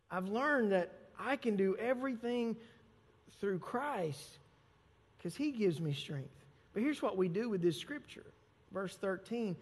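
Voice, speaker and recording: Pastor, male, high voice, emphatic sermon delivery with repeated phrases, in a reverberant church hall. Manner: emphatic, repeats phrases and stresses key words. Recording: long reverb of a large hall.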